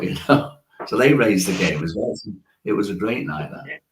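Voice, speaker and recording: Deep-voiced man in his sixties. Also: expressive, a little fast, a little hiss or hum. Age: 60s. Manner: chatty storyteller, chuckles often. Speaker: musician guest. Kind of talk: casual interview chat. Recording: roomy echo.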